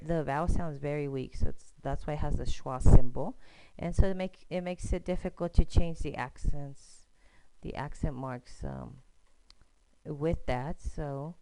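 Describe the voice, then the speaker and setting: A woman's voice: sits low, mellow, slight background noise, low-quality recording. A woman teacher patiently explaining a screencast lesson step by step, often checking in with "okay?".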